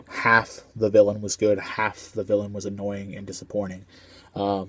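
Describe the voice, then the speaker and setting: A man's voice: fairly low pitch, a little mellow. A man giving a casual, rambling movie review, full of slang and filler ums.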